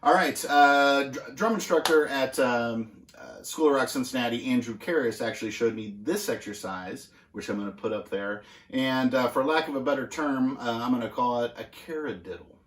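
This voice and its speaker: A man gives a casual drum lesson, talking things through in a relaxed and halting way. His medium-pitched voice rings in a roomy, echoey practice space, with a faint hiss under it. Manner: relaxed, halting with many fillers. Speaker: drum instructor. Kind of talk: casual instructional demonstration. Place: music school practice room.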